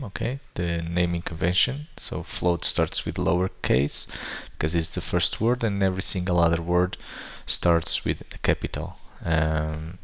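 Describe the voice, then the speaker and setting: A man with a low, gravelly voice teaches programming in a screen-recorded tutorial. His tone is bright and forceful despite the depth. He thinks aloud, pausing on fillers and restarting words as he types.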